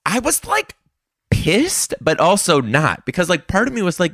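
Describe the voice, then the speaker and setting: A young man telling classroom stories as a comedic monologue, sassy and animated, bursting into high-pitched rants. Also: normal speed, no room sound, clean studio sound.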